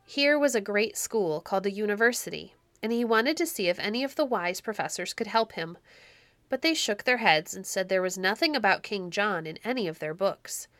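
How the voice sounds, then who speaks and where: A woman narrating a classic storybook in a clear, measured storytelling manner. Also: medium pitch, lively intonation, a bit bright, no echo. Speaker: audiobook narrator.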